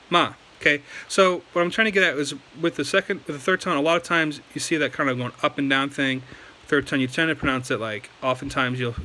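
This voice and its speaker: A man's voice: medium pitch, pushed and bright, a little hiss or hum, poor audio. A young American man explaining language tones in a casual, rambling video lesson full of fillers and restarts. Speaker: language learning YouTuber.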